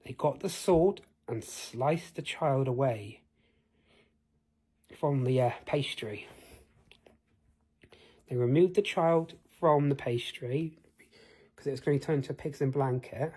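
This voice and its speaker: A British man with a mellow, husky, medium-pitched voice spins an improvised fantasy story, speaking slowly with long pauses. He rambles as he goes and keeps asking the listener questions.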